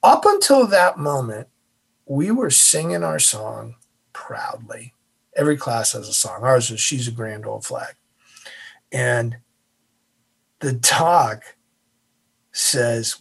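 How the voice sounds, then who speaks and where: A man's voice: mid-range voice, unhurried, vocal fry, pauses often, breathy edge. A man, a former navy officer, telling a story as a guest in an interview, acting out the voices.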